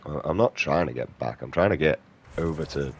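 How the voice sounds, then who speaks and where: Brisk and gravelly, his bass voice carries a profane rant over his gameplay; he's a British streamer in his thirties. Slight background noise can be heard.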